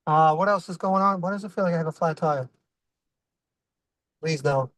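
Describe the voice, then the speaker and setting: A man's voice: a little high, normal speed, fairly bright tone, no echo. Man riffing stand-up comedy from his car. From Italian-American. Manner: rambling, asks himself "what else is going on". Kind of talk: stand-up set while driving. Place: inside a car.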